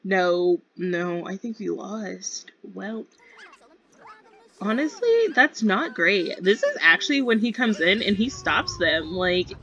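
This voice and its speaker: A woman's voice: medium pitch, big pitch swings, slow pace, fairly bright tone. A young woman giving chatty, giggly commentary on her own gameplay. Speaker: gaming video creator. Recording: slightly dull lo-fi sound.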